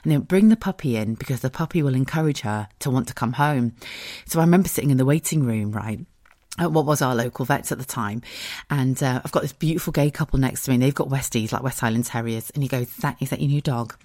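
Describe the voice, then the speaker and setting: A woman's voice: very deep voice, quick pace, mellow, no room sound. A woman, hosting a podcast and telling a story in casual chat, swearing freely and close to tears. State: tearful, close to crying. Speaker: podcast host.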